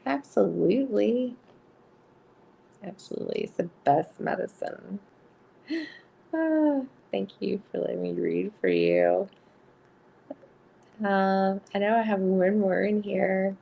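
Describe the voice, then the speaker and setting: Gravelly, giggly woman chatting slowly. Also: medium pitch, dark tone. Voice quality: husky. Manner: giggly, laughs often between sentences; chatty and rambling, full of filler words. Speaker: live-stream card reader. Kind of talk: casual live-stream chat with viewers.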